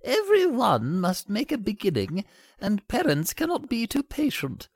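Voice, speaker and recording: A man voicing a prim, proper mother duck in a storybook, pitching his voice high. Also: huge pitch swings, moderate pace, husky, dry recording, clean studio sound, exaggerated voice. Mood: patient.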